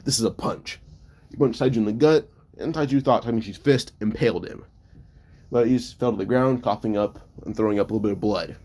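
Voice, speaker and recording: A man's voice: on the low side, fast talker, warm tone. A man casually narrating a fan-made story in a loose, stumbling way, often correcting himself mid-sentence.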